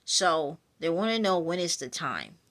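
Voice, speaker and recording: A woman's voice: fairly low pitch, lively intonation, unhurried, a bit bright. A woman reading a casual prophetic message of encouragement, chatty and full of fillers, addressing her listeners directly. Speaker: spiritual message reader.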